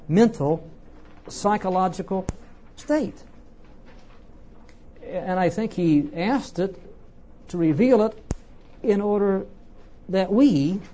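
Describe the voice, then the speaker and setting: Emphatic preacher with a mellow voice. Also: a little hiss or hum. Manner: emphatic, with wide swings in pitch and loudness; repeats words for emphasis. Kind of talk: expository sermon.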